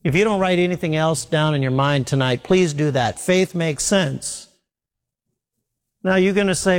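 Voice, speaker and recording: Male preacher, fairly high voice, earnest sermon delivery, long hall reverb. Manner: earnest, emphatic, repeats key points slowly.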